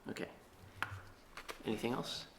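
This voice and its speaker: A man on town staff giving a measured, hesitant meeting report in a meeting room, with many pauses. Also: a little hiss or hum.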